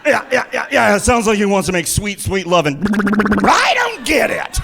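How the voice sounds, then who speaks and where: A man performing live stand-up comedy, animated and prone to sudden loud shouts. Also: sits high, moderate pace, gravelly, faint music behind.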